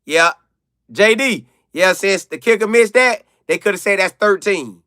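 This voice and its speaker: A man's voice: high-pitched, lively intonation, measured pace, sharp tone, no room sound, clean studio sound. A man hosting a casual sports live stream, reading viewer comments aloud and reacting in loose slang.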